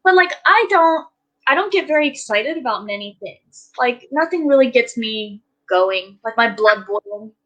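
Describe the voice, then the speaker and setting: A woman's voice: on the high side, animated, normal speed, sharp tone, poor audio. A woman telling stories in a casual chat, ranting animatedly with lots of fillers.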